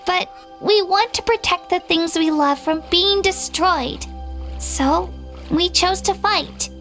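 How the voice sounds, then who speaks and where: An actress voicing a gentle, brave young girl in a video game, talking sincerely and softly, recorded in a studio. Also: very high voice, vocal fry, exaggerated voice. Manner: sincere, soft-spoken, heartfelt.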